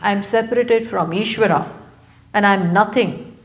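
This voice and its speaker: Speaking in a mid-range voice with an Indian English accent, a woman delivers a live scripture lecture as a spiritual teacher. She goes unhurriedly and repeats key phrases for emphasis at a live talk venue.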